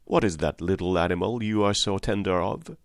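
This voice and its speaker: A man's voice: sits low, a little fast, no echo, studio quality. A man voicing a sad cowardly lion. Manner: sad, apologetic. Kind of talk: audiobook reading.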